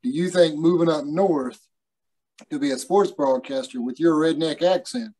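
Mellow higher-pitched host who teases and steers the chat. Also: male voice, moderate pace, poor audio. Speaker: podcast host. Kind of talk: casual chat.

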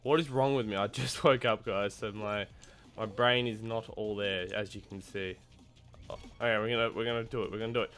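A gamer giving let's-play commentary who yelps and shouts at the game, swears and mocks their own skill. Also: medium pitch, steady tone, a little fast, faint music behind.

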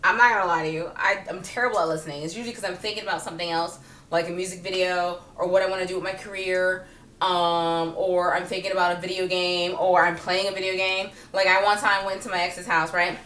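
A woman vlogger talking casually and comically to the camera, chatty and animated with many fillers and frequent laughter. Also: on the low side, fast talker, a little hiss or hum. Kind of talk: casual comedic monologue to camera. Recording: roomy echo, speaking from a distance.

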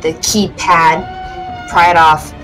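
A woman's voice: fairly low pitch, steady tone, slow, low-quality recording. A woman playing a character in a tabletop role-playing game, eager and laughing often. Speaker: player. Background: music.

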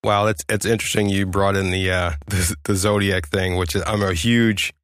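Male podcast host, easygoing and chuckling, lowish voice, dry close sound. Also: normal speed, no room sound. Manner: relaxed, chuckling interviewer. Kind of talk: casual interview.

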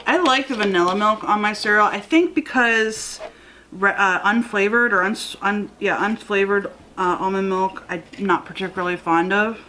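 Just woken up, a woman hosts a casual mukbang at home, chatting rambly to the camera with fillers while she eats. Her medium-pitched voice sounds pushed and bright at normal speed, captured on a camera mic in a low-quality recording with a little hiss or hum.

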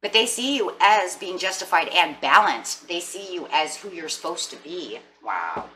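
A woman's voice: fairly low pitch, expressive, normal speed, distant mic, background noise. A middle-aged woman giving a casual tarot reading in a playful, sassy, chatty way. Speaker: tarot reader.

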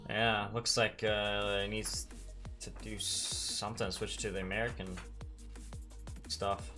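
A man's voice: lowish voice, little pitch movement, takes it slowly, music in the background. A man streaming a game and chatting casually with friends, laid-back and joking.

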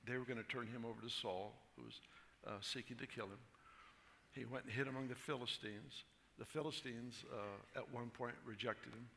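Male pastor, sermon, relaxed storyteller, bright gravelly voice, echoey large hall. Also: mid-range voice, moderate pace. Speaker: pastor, conference speaker. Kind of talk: sermon with told jokes. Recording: echoey hall, faint noise.

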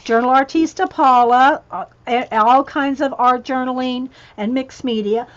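A woman's voice: high voice, measured pace, fairly bright tone, muffled recording. A woman talking casually on a home craft livestream, rambling and chatty, her voice getting worn. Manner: chatty, rambling, breaks off to talk to her cat. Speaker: craft vlogger reading a list of channels. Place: home craft room with a ring light.

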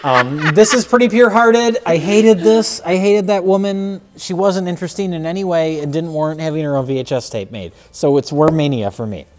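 A man's voice: on the high side, a little fast, hardly any pauses. A man co-hosting a comedic review panel, blunt and dry, swearing casually. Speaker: co-host of a movie review show.

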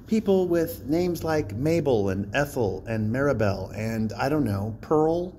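A man's voice: medium pitch, expressive, measured pace, mellow, slight background noise. A man rambling in a casual vlog, chatty and self-mocking, often breaking into laughter. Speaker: vlogger. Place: outdoors by a bridge.

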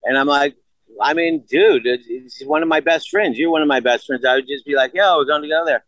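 A man in his sixties with a slightly high voice talks a little fast as a podcast guest, casually and animatedly spinning a story full of swearing and quoted dialogue. The audio is poor but has no echo.

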